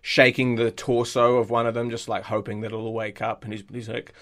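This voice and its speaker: A man's voice: mid-range voice, completely flat delivery, brisk, fairly bright tone. A man co-hosting a comedy podcast, telling an improvised silly story with lots of fillers and restarts. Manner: rambling, hesitant, acts out silly quoted voices.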